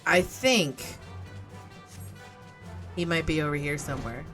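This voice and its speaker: A woman's voice: sits low, a little slow, music in the background. A young woman streaming a game, joking and self-mocking in casual commentary, swearing freely.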